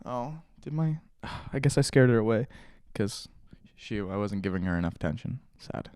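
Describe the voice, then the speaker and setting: A man's voice: on the low side, expressive, normal speed, darkish tone, clean tone, dry recording, studio quality. A young adult man telling a rambling childhood story at home, laughing often, as a casual morning chat on his channel. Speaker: vlogger. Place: at home with a pet. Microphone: mic on a stand.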